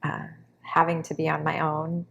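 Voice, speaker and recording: A woman's voice: sits low, monotone, moderate pace, vocal fry, a bit bright. A woman in her fifties speaking in a hesitant, reflective way, with restarts. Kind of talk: casual conversation.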